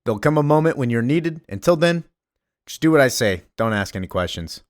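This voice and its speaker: A man's voice: mid-range voice, lively intonation, brisk, no room sound, studio quality, close to an everyday voice. A man casually voicing a cryptic, aloof male cosmic sage who gives curt commands.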